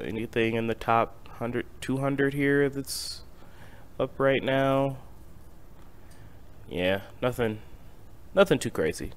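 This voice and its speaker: A man hosting a casual crypto market update, talking in a low-key, sleepy near-monotone and chuckling lightly now and then. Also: clear, resonant tone. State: not fully awake. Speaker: crypto channel host.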